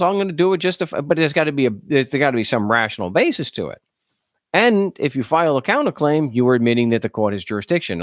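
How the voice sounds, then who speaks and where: A man's voice: medium pitch, no echo, studio quality. A man hosting a talk show, speaking in a casual, sarcastic way and often stumbling over repeated words as he starts sentences. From United States. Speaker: show host. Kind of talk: casual call-in show monologue.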